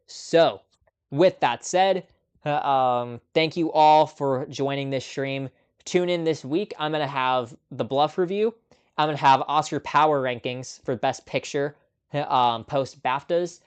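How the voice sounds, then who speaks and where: A man's voice: medium pitch, a little slow, smooth. A man hosting a casual live movie chat stream, talking off the cuff with frequent little laughs and ums. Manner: chatty, laughs often, lots of ums. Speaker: host.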